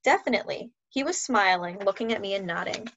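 A woman reading a children's novel aloud in a steady, clear storytelling voice. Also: mid-range voice, fairly quick. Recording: dull lo-fi sound.

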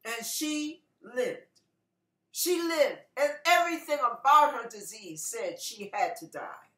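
A woman pastor preaching an impassioned online sermon, moving from hushed, slow teaching to tearful, shouting fervor. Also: fairly high pitch, expressive, echoey room.

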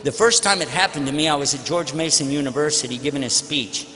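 High-voiced male lecturer in a hall. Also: fast, bright, forceful tone, slight background noise. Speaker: Islamic lecturer. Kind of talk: lecture answering audience questions.

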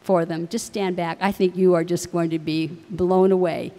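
A woman's voice: lowish voice, level tone, normal speed. A middle-aged woman, wife of a university president, telling family stories to parents with frequent laughs. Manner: warm anecdotal delivery with laughs. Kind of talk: storytelling speech to parents. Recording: long hall reverb.

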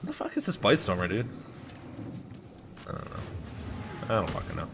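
Over noisy background sound, an American man with a low, gravelly voice and big pitch swings spins a meandering, swear-filled tale at a moderate pace. He hosts a gaming channel and chats casually while playing.

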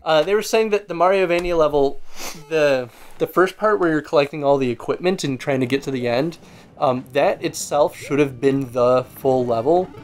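Higher-voiced man rambling in game commentary. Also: normal speed. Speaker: co-host game developer. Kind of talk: let's play commentary.

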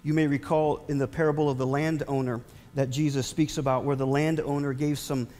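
A man preaching a sermon as pastor, animated with emphatic rising asides. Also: medium pitch, fairly quick, long reverb tail.

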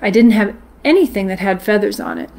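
Reading a ghost story to her live-stream audience, a woman with a mid-range voice and some vocal fry keeps her delivery steady and measured. She sounds like a plain-spoken host sharing a passage from a book.

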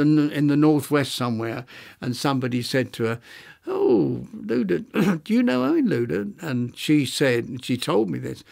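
Halting elderly man reminiscing. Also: medium pitch, gravelly. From London, England. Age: 90s; older. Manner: halting, reflective, many restarts and fillers. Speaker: interviewee, retired architect. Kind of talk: reminiscing interview.

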